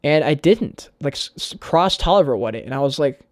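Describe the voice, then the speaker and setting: An earnest young man talks to his viewers in a loose vlog monologue. He leans on "like" and casual swearing. His voice sits a little high and sounds close and dry. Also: lively intonation, a little fast, no echo. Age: young adult. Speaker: YouTuber.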